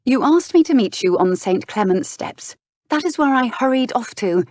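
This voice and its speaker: A woman narrator voicing a young female stage actress, tearful and breaking into sharp outbursts. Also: fairly high pitch, expressive, normal speed, no room sound, pitched above the performer's own voice, natural voice. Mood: distraught. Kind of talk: audiobook dialogue reading.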